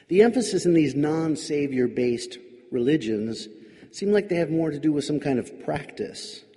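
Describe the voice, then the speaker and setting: A man's voice: mid-range voice, mellow. A male pastor giving a reflective sermon, musing aloud with wry, questioning asides. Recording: long hall reverb.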